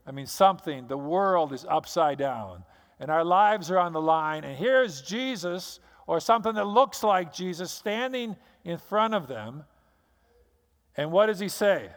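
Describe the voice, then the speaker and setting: A pastor with a high, bright voice delivers a sermon, telling the story dramatically and acting out scenes. He sounds like he is in a church hall, with a long reverb trailing each phrase. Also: expressive, measured pace.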